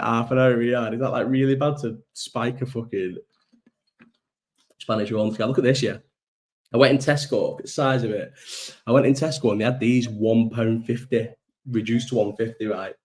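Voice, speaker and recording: A man's voice: medium pitch, normal speed, a little mellow. A young man hosting a casual live-stream chat, rambling through stories with lots of swearing and frequent laughter.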